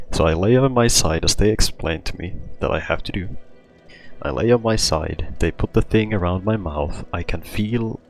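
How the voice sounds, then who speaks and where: A man's voice: deep voice, normal speed, vocal fry, faint music behind. A man hosting his own show, telling a personal story in a rambling, casual way, full of "like" and restarts. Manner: rambling, heavy use of "like", frequent restarts. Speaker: podcast host.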